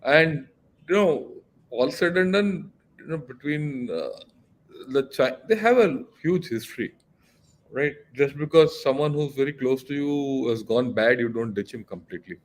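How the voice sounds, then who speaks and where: A man's voice: medium pitch, animated, a little slow. An older man talks through geopolitics in a lecturing way, pressing his points hard. He stops and restarts often with plenty of "uh" and "you know", and his voice sits in a plain middle register. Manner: lecturing, emphatic, many fillers and restarts. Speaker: retired army general, guest analyst. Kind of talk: casual discussion.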